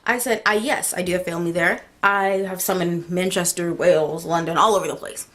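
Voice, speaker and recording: This lowish, brisk female voice belongs to an American teen vlogger narrating a story. Laughing and lively, she performs the texts back and forth as she goes.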